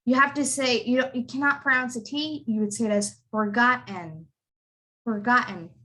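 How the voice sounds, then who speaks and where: A woman leads an online accent lesson over a video call. Her voice is bright and sits a little high. She repeats each word several times and asks her students to echo it back. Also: a little fast. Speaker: accent tutor.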